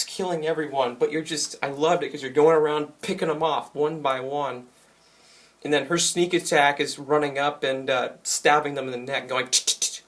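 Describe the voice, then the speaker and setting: Excited young man retelling a game. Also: fairly high pitch. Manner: excited, rambling retelling with many likes and ums. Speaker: game reviewer. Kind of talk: casual video game review.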